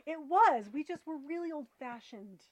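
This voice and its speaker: A woman's voice: high voice, animated, normal speed, no room sound. A woman in her thirties co-hosting a casual chat show, with wry, playful jokes. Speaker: podcast co-host.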